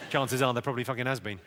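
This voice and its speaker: A man doing live stand-up, delivering deadpan one-liners and teasing the audience on a theatre stage. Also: a little high. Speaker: stand-up comedian. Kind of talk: live stand-up with crowd work. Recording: live show with loud audience noise.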